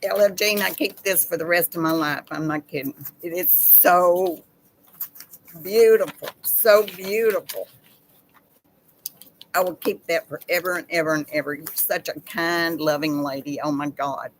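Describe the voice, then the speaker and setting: A woman's voice: low voice, steady tone, a bit bright, a little hiss or hum, poor audio. A woman hosts a casual chat with her viewers and reads aloud in a heartfelt, emotional way. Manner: slow, heartfelt, emotional reading. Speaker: channel host.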